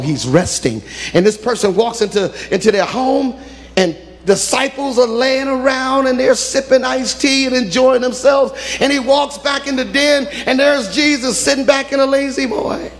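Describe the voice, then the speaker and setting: High, gravelly-voiced male preacher. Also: normal speed. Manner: emphatic, call-and-response, rising to shouts. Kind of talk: sermon storytelling.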